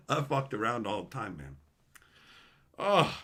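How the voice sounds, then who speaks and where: Brash, swearing man with a bright voice. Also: mid-range voice, huge pitch swings, drawn-out words, long pauses. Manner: profane, blunt, laughing storyteller who acts out quoted people. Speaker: streamer chatting with viewers. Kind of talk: casual live-stream chat, storytelling.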